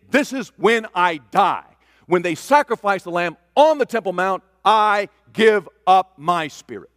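A man preaching a sermon, swinging from loud declarations to hushed asides. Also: sits high, clean studio sound. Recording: long reverb of a large hall.

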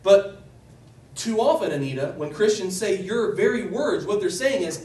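A man leading a group Bible study, speaking loosely and conversationally, with a voice that rises as he gets excited. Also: sits high, normal speed. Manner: enthusiastic, voice rises when excited; loose and conversational, with restarts and asides.

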